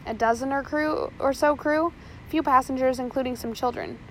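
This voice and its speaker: A woman voicing an eager, bumbling male pirate mate who calls out loudly and stammers over his words. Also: sits high, steady tone, moderate pace, a little hiss or hum, low-quality recording. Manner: loud, fumbling, stammering.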